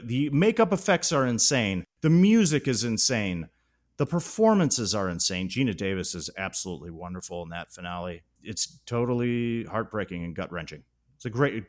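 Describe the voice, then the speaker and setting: A man with a fairly low voice walks through a film's plot in a podcast chat. He is animated, and his voice sinks low and hushed when the story turns tragic. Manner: enthusiastic, dramatic plot recap that drops low and solemn at sad moments. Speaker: podcast host.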